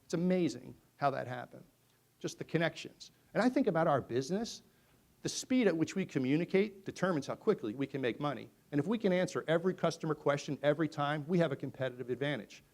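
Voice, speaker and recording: A middle-aged man speaking at a conference, talking conversationally to the audience and swinging between loud emphasis and hushed asides. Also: fairly high pitch, animated, quick pace, creaky. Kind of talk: presentation to an audience.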